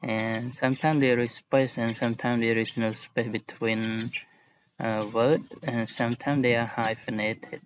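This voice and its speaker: A man teaching an English lesson, explaining word rules slowly and patiently with examples. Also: medium pitch, little pitch movement, lo-fi sound, slight background noise. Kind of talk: recorded classroom lesson.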